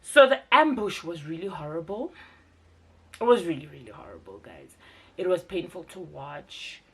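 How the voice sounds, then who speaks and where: South african woman vlogging a show recap, bouncy animated pitch, chatty. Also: normal speed. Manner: chatty, expressive, mixes in local words. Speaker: TV review vlogger. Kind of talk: casual recap commentary.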